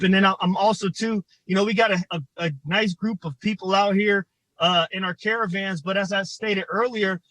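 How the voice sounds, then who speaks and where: Ohio community organizer, man, higher voice, dry close sound, emotional and halting. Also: a bit bright, dry recording, poor audio. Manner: halting, emotional, many fillers. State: choked up. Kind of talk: livestreamed protest testimony. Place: outdoors in front of a state capitol.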